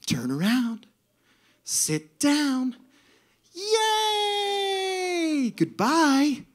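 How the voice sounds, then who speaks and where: A man's voice: very high-pitched, wildly swooping pitch, drawn-out words, voice pushed up, heavily acted. A man voicing an overjoyed young woman who works as a water-slide attendant, cheering in a chirpy, sing-song way.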